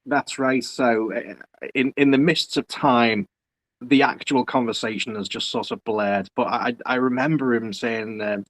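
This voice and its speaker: A man's voice: medium pitch, steady tone, a little slow, a bit bright, rough recording. A man hosting an interview, telling stories with enthusiasm and acting out what people said. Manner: enthusiastic storyteller, acts out quoted voices. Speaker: interviewer, host. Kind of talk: conversational interview.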